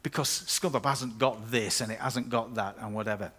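A man's voice: on the low side, steady tone, moderate pace, a bit bright, breathy edge. A man preaching a sermon as pastor, conversational and with playful asides.

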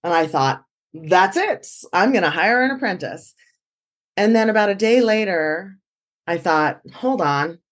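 A woman guest, a dog trainer, telling her story in an animated way and acting out quoted dialogue. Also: lowish voice, measured pace. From San Francisco Bay Area. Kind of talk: conversational storytelling.

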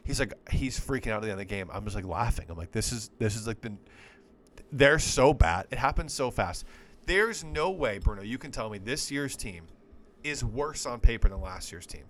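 A man's voice: medium pitch, lively intonation, moderate pace, fairly bright tone. A man co-hosting a sports podcast, talking in a rambling, exasperated, profane way. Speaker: podcast co-host. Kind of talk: casual sports podcast chat.

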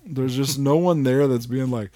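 A man co-hosting a podcast in casual chat, retelling scenes with sudden jumps into loud, high voices and casual swearing. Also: moderate pace, no echo, studio quality. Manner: animated storyteller, acts out scenes with big pitch jumps, swears. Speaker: podcast co-host.

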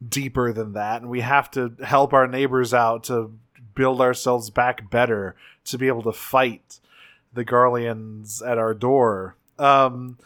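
A man co-hosting a casual discussion about a video game's story, talking in a relaxed way with swearing and frequent ums. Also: medium pitch, a little slow. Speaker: podcast co-host.

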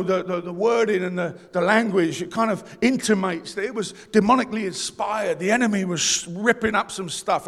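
A man from East London with a London accent, preaching a sermon with passion, shifting from shouting to low confiding talk and using street slang. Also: gravelly. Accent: London English. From East London, England. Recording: long reverb of a large hall.

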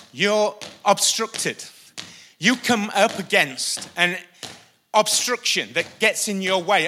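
A male pastor preaching a sermon, energetic and repetitive for emphasis. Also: high voice, slight background noise. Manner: energetic, repeats lines for emphasis, uses a helper for a live demonstration. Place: church stage before a congregation.

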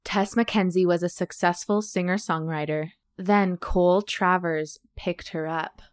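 A woman's voice: fairly low pitch, steady tone, unhurried, smooth. A young woman co-hosting a podcast in casual chat, laughing easily and saying "like" a lot. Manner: chatty, laughing, full of "like" fillers. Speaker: podcast co-host.

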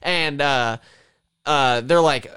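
A man's voice: medium pitch, bright, forceful tone, clean tone, no room sound, clean studio sound. Rambling, cursing man recapping a movie. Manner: rambling, profane, quick quoted voices. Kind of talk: casual chat recapping a film.

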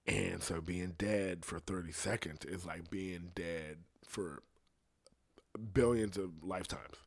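A man's voice: low voice, takes it slowly, creaky. Profane rambling man ranting. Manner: profane, excitable, rambling with restarts. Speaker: singer ranting to camera. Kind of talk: rambling casual monologue.

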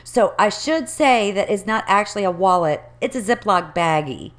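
A woman co-hosting a casual chat, telling a long personal story in an animated way and acting out the people in it. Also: medium pitch, normal speed.

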